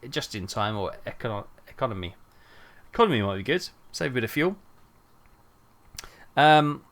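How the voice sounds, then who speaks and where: Gravelly-voiced man chatting on stream. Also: medium pitch, a bit bright. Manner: rambling, chatty, greets viewers by name. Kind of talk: casual live-stream chat while driving.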